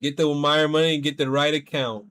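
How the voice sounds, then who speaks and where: A man with a notably high voice chats with viewers while he plays a game. His talk is rambling and loose, heavy with swearing as he vents. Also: brisk, smooth. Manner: profane, rambling, animated venting. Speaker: streamer. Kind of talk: casual livestream chat while gaming.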